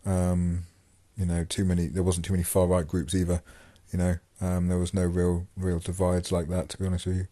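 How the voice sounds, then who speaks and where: Deep-voiced man rambling casually. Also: completely flat delivery, brisk, hardly any pauses, mellow, no echo. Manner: rambling, many fillers and restarts. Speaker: podcast host and former prisoner. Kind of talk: casual monologue.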